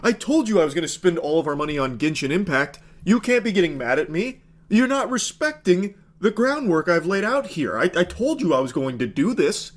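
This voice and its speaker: A man's voice: sits high, big pitch swings, fairly quick, pitched above the performer's own voice. A man voicing a whiny, entitled boyfriend in his late twenties, indignant and self-righteous. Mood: indignant whining.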